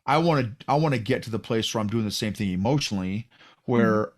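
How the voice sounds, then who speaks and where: A man hosts a casual interview in a fairly low voice. He reflects aloud and stumbles through restarts as he works out his thoughts. He is open about being moved by what his guest says. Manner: reflective, halting restarts, openly emotional. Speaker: podcast host.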